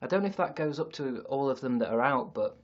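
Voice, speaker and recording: Speaking fast and expressively at a medium pitch, a Yorkshire man rambles and jokes at his own expense on a casual livestream from his sister's attic, swearing here and there. The audio is dull, with a little hiss or hum.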